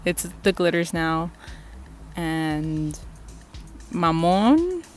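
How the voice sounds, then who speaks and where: A young woman vlogger casually reviewing makeup, gushing and excitable and swearing freely. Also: fairly low pitch, very slow, soft background music. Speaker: beauty vlogger.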